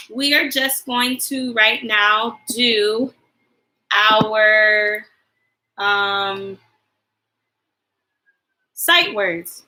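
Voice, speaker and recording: A woman teacher leading a livestreamed lesson for young children, encouraging them and spelling out words slowly for them to repeat. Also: fairly high pitch, bright, forceful tone, low-quality recording.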